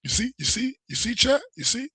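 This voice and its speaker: A man's voice: extremely high pitch, sing-song, fairly quick, sharp tone, breathy edge, no echo, pitched above the performer's own voice, heavily acted. A man putting on a mocking impression of a whiny, paranoid man who stammers and exaggerates.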